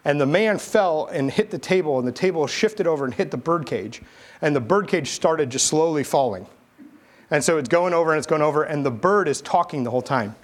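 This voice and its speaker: A man preaching a sermon as pastor, telling stories in a casual, animated, conversational way. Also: a little high, a little fast. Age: adult, army veteran.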